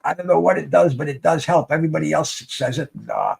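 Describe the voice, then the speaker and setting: A man streams casual commentary on a live boxing fight, rambling and excitable, swearing freely and restarting sentences. His voice is a little high, gravelly and husky, and he talks fast.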